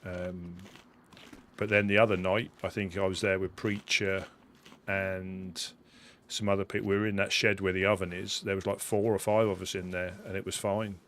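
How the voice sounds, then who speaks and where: Low flat-voiced man telling a story. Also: normal speed, slight background noise. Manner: steady, level storytelling with fillers. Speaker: fellow player. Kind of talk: casual chat while gaming.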